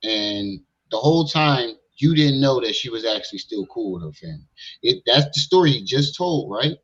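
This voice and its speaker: A man comments casually on a stream, blunt and skeptical as he picks apart what he hears. His voice is bright and forward. The audio is a little dull and muffled. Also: mid-range voice, expressive, moderate pace, slightly rough. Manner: blunt, skeptical, talks back at the clip. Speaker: livestream commentator.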